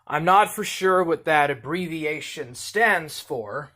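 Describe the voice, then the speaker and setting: Slow, rambling man with a raised voice. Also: on the high side, lively intonation. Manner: rambling, repeats himself, drifts between loud and muttered. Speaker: livestream host. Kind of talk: rambling livestream monologue, reading chat.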